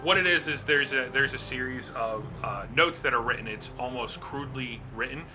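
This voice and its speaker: A man's voice: medium pitch, fairly quick, over music. A man narrating a tabletop game as game master, casual and laughing, who swears now and then.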